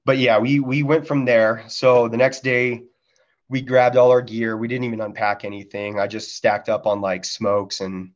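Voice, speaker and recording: A man's voice: fairly low pitch, lo-fi sound. Laid-back swearing male storyteller. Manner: laid-back, swears freely, says dude a lot. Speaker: podcast guest, Marine veteran. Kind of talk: casual storytelling chat.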